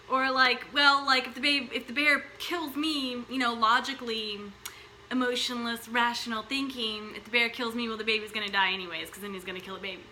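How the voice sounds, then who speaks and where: A woman giving a passionate monologue to camera, animated and full of rhetorical questions. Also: on the high side, a little fast, slight background noise, rough recording. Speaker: vlogger, mothers' rights advocate.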